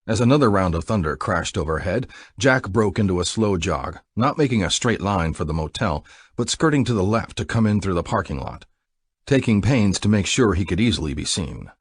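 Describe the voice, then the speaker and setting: A man giving an expressive, dramatic audiobook narration. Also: low-pitched, moderate pace, husky, dry recording, studio quality.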